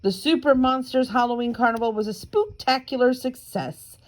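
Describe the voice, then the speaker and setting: A woman reading a children's picture book aloud, slow and careful, with chatty asides between pages. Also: fairly high pitch. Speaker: reader.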